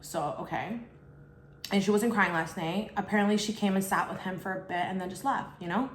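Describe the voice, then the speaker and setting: A chatty young woman spills a story in a casual storytime while eating, filling her talk with "like" and acting out what others said. Her voice sits at a middling pitch, and the recording carries a roomy echo. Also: brisk, slight background noise. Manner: chatty, fills speech with "like", acts out others in quotes. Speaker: vlogger.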